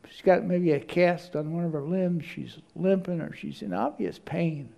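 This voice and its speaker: Gravelly, mellow-voiced male preacher. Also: sits high, steady tone, moderate pace. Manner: storytelling, repeats words when searching. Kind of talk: sermon.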